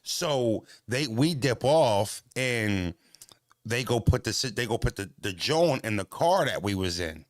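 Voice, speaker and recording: A man's voice: medium pitch, lively intonation, unhurried, no echo, clean studio sound. An American man from Pennsylvania telling a story in casual chat, swearing often and laughing as he acts out the voices of others.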